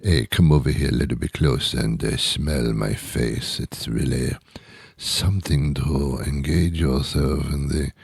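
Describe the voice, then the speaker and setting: A man putting on a French accent to voice a languid, seductive French speaker, slow and breathy. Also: rumbling low, dry recording, voice pushed down, heavily acted. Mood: sultry. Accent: French (put on). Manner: slow, breathy, drawn-out, sinks to a whisper.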